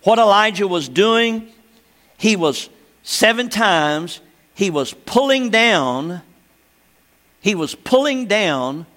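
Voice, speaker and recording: A man's voice: high-pitched, lively intonation, slow pace, long pauses, fairly bright tone. An older man preaching a sermon, emphatic and repeating phrases, often asking the congregation for an amen. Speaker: pastor. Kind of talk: sermon teaching. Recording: long hall reverb.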